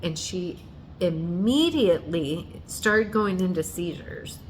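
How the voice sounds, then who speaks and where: A woman with a low, deep voice tells a painful personal story, unhurried and deliberate. She speaks earnestly and haltingly, often stopping to restart or correct herself. A faint hiss sits under her voice. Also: animated. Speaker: vlogger telling a personal story.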